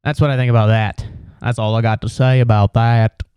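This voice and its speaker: A man's voice: mid-range voice, level tone, a little fast, a little mellow, smooth, no echo. A young man hosting a comedy podcast, ranting in an exasperated, sarcastic way, swearing and slipping into put-on voices. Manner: jumps into put-on voices for quoted people. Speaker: podcast host. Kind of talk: comedic rant.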